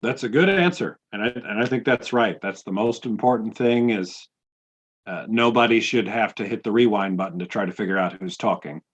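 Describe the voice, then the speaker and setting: A man's voice: on the low side, fairly quick, highs cut off. A man co-hosting a podcast who asks the guest questions in a friendly way and laughs easily. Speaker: podcast co-host. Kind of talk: podcast interview.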